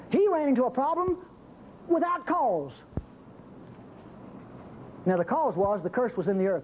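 Animated male preacher, muffled old tape. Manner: animated, acts out biblical speakers with pitch jumps. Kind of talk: sermon. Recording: muffled, faintly noisy old recording.

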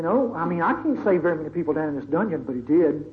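A high-voiced man preaches a sermon, dramatic and conversational, acting out the stories as he tells them. The sound is thin and phone-like, with a faint hiss in the background. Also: expressive, quick pace, few pauses.

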